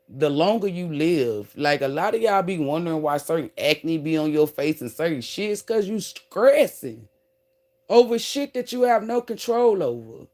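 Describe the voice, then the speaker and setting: A woman telling a profane, animated story straight to her viewers, calling them "y'all" and "baby", with emphatic outbursts. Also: lowish voice. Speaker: online creator.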